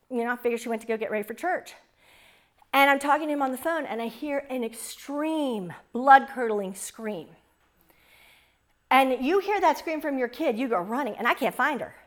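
A woman in her forties telling a personal testimony to an audience in an earnest, fervent storytelling manner. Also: high-pitched. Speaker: speaker sharing a testimony.

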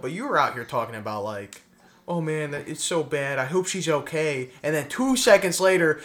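A young man co-hosting a casual podcast among friends. His voice sits a little high, and he teases and curses freely. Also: lively intonation, normal speed, fairly bright tone. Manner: teasing, swears often. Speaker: podcast co-host. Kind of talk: casual chat.

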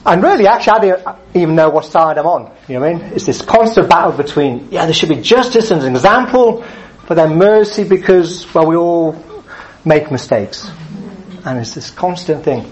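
A man preaching a sermon in a relaxed, conversational way, often with a "you know", now and then acting out angry drivers. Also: a little high, moderate pace. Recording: dull lo-fi sound.

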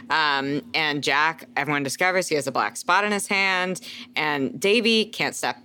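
A woman's voice: deep voice, a little slow, pushed and bright, a little hiss or hum. A woman chatting casually about a movie on a podcast, chatty and swearing freely with lots of fillers.

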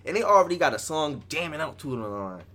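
Young guy on a podcast, pitch bouncing all over, joking and slangy. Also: fast talker. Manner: animated, slangy, laughing. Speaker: podcast co-host. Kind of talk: casual chat.

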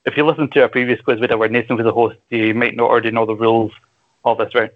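A man's voice: mid-range voice, flat delivery, rapid-fire, phone-quality sound. A Scottish man hosting a casual podcast quiz, joking crudely and explaining the rules at length. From Scotland. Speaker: quiz host.

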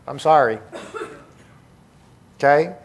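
A middle-aged man speaks to a live crowd in a voice pitched a little above the usual male range. He talks emphatically and drives each point home by repeating it. He sounds like a motivational speaker rallying a room. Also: slow pace, slight background noise. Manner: emphatic, repetitive, punchy. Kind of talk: live motivational talk to an audience.

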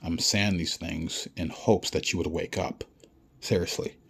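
A man's voice: deep voice, steady tone, measured pace, creaky, breathy edge. A man giving a blunt, profane ranting monologue, lecturing the listener and repeating himself for emphasis. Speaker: vlogger.

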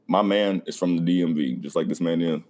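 Animated Southern man hosting a podcast. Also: low-pitched, fairly quick. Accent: Southern American. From American South. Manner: animated, joking, swears freely. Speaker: podcast host. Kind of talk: casual podcast chat.

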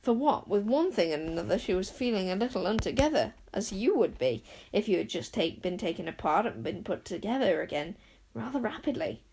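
A woman's voice: medium pitch, very animated, brisk, a little mellow, husky, low-quality recording. A woman reading an audiobook as narrator, telling the story expressively. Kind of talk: scripted narration.

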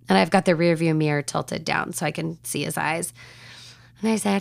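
A woman hosting a podcast, telling a personal story in an animated, chatty way. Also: lowish voice, normal speed, vocal fry, no room sound. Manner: animated, chatty, acts out conversations. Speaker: podcast host.

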